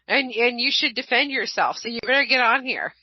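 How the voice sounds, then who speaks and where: A woman hosting an online radio show in casual chat, blunt and animated, swearing freely. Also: a little high, brisk, slightly rough, dry recording. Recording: dull lo-fi online radio, dry.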